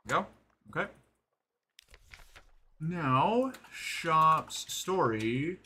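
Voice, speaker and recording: A man's voice: a little high, sing-song, very slow, pushed and bright, breathy edge. A man streaming live, chatting casually to his viewers while playing a game. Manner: chatty, talks to chat while playing and exercising.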